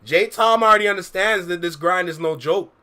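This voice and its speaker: A man's voice: high-pitched, fairly quick, bright, forceful tone. A young man casually chatting with his viewers on a livestream, laid-back and full of slang, reading out and answering chat messages. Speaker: reaction streamer.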